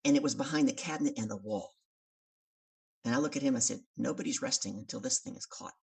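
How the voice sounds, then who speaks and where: A woman, a business coach and podcast guest, telling a story in an animated way and acting out the voices of the people in it. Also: rumbling low, fast, creaky, slightly rough, distant mic.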